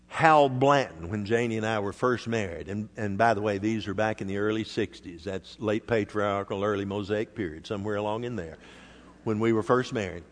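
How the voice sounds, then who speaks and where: An older man preaching a sermon, measured and emphatic, sometimes dropping soft. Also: fairly low pitch. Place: church hall. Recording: reverberant hall.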